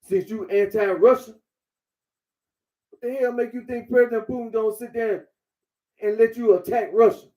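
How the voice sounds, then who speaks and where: A man's voice: extremely high pitch, steady tone, moderate pace, long pauses, warm tone. A man giving a blunt, repetitive monologue, lecturing the listener directly. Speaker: commentator. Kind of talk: casual monologue.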